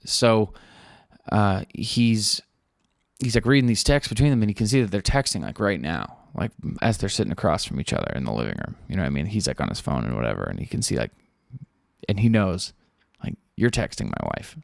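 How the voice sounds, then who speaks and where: A man's voice: fairly low pitch, a little fast, vocal fry, dry recording. Laid-back young man rambling, dry close mic. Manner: loose, rambling, lots of fillers and profanity; acts out quoted people in a flat offhand voice. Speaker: podcast host. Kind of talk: casual storytelling chat.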